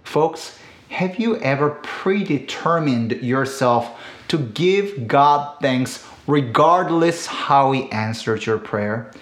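Man, 30s, Korean accent, pastor, earnest sermon, middle pitch, echoey room. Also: expressive. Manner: earnest, slow and deliberate, with emphatic rises.

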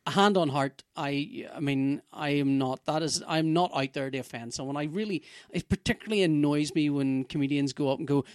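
A man's voice: a little high, a little fast, hardly any pauses, dry recording. A man co-hosting a casual chat, telling stories in a rambling, self-deprecating way. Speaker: podcast co-host, comic artist.

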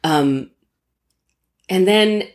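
Low-voiced woman telling a candid story. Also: very slow. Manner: candid, self-mocking, swears freely. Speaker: stage actor, guest. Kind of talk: casual anecdote in conversation.

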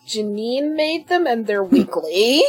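Chatty woman with a higher voice. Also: very animated, slow, slightly rough, faint music behind. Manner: chatty, giggly, searching for words. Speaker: player. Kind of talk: casual chat.

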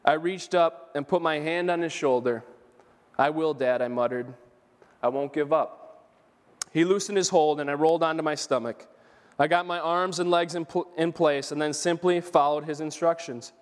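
Man, pastor, sermon, storytelling, high voice, long church reverb. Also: normal speed. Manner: storytelling, animated with emphatic rises. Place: church sanctuary.

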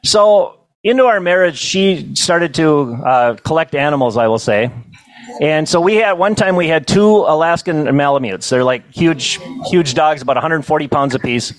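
A middle-aged man telling humorous stories to a banquet audience, with a deadpan comic delivery and chuckles. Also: a little high, moderate pace. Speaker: storyteller. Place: banquet hall.

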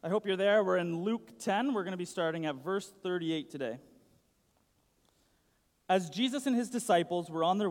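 A young man giving a casual sermon, chatty and full of "like". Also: sits high. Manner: chatty, uses "like" a lot. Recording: long hall reverb.

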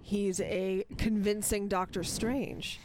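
A woman co-hosting a podcast in casual chat, chiming in with quick remarks. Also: medium pitch, steady tone, background noise. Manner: quick interjections, finishing others' thoughts. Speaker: podcast co-host.

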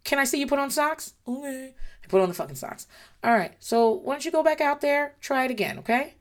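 A woman in her thirties, a parent, gives blunt, frank advice in casual chat, swearing freely. Her voice is high and wearing out, with lively intonation and a fairly quick pace.

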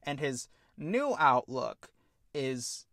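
Animated swearing man with a bright voice. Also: mid-range voice, drawn-out words, dry recording, studio quality. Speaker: podcast co-host. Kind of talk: casual chat, pitching a film idea.

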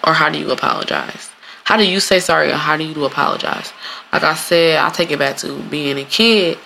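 A solo podcast host talking in a loose, animated way, with a gravelly edge and a bright, forceful tone. This speaker swears freely, laughs often and acts out quoted lines in playful voices. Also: medium pitch, fairly quick, a little hiss or hum. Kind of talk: casual solo podcast monologue.

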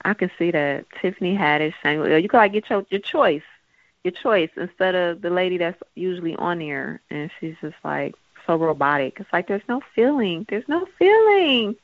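A fairly low female voice at normal speed comes through a dry recording that sounds like a tinny phone line. It's a relaxed, laughing conversation, and she's animated, frequently imitating little voices as she goes.

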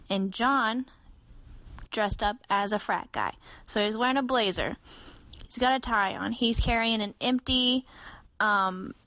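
Brief: lively twenties woman podcaster, slightly high voice, dry close sound, acts out quotes. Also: no room sound. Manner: animated, acts out quoted voices with big jumps in pitch. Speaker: podcast co-host. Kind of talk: casual storytelling chat.

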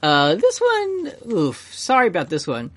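A man co-hosts a podcast in casual chat, talking fast, joking, and reading listener questions aloud. His voice is high-pitched and fairly bright, with huge swings in pitch.

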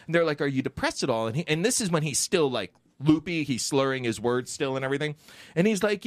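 A man co-hosting a casual podcast, telling a story in a rambling, animated way and acting out the voices of the people in it. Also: fairly high pitch, brisk, dry recording. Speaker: podcast co-host.

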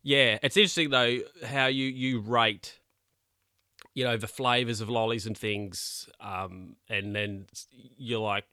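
Man, casual rambling host, bright tense tone, dry close sound. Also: mid-range voice, steady tone, unhurried, smooth, dry recording. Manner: rambling, self-correcting, incredulous. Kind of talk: casual monologue.

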